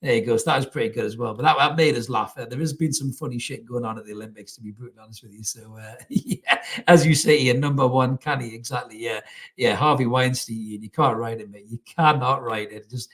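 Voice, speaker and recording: A young man talks football on his own show, chatting with the viewers. His voice sits at an ordinary middle pitch. He is blunt and sweary, with plenty of laddish banter. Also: brisk, a bit bright. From North East England. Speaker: podcast host. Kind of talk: casual live-stream football chat.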